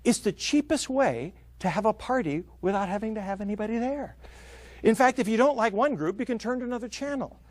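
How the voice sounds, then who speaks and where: A man with a high voice delivers a lively seminar talk on managing time. He slips into quoted voices to make his points, and the sound is dry and close with almost no room echo. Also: fairly quick. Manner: energetic, acts out quoted voices. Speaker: business speaker.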